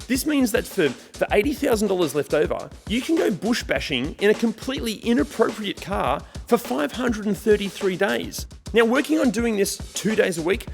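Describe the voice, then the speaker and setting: An Australian man hosting a car video, talking to camera in a lively, chatty way with wry humour. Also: sits high, vocal fry. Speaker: car channel host. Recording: roomy reverb with music behind.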